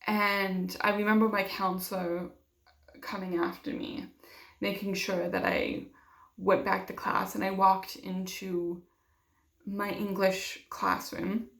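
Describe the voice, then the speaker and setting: In a slow, level, mid-range voice that is gravelly yet slightly bright, a young vlogger recounts something personal. Emotional throughout, she performs others' quoted words and uses plenty of fillers; the room echoes noticeably.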